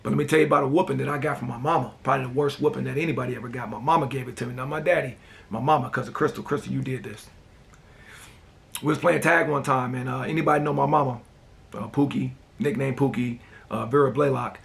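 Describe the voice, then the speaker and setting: A man hosting a casual talk show, telling personal stories in a relaxed way and often repeating "man" and "you know.". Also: medium pitch, quick pace, vocal fry. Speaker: host.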